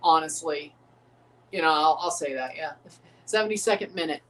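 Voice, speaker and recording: A young man hosting a live football watchalong, calling goals with excitement and dropping into low mumbled asides between plays. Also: moderate pace. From United States. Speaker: livestream watchalong host. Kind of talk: live football reaction commentary.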